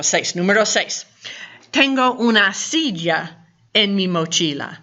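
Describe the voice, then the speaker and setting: A woman's voice: mid-range voice, animated, unhurried, bright, forceful tone, muffled recording. A woman, teaching a recorded video language lesson in a chatty, step-by-step way. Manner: chatty, explains step by step, mixes English and Spanish. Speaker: Spanish teacher.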